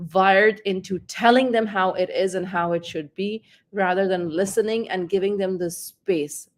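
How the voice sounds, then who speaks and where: A woman's voice: medium pitch, darkish tone. A middle-aged woman, a parenting coach, talking reflectively and repeating words as she searches for them. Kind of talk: conversational talk on parenting.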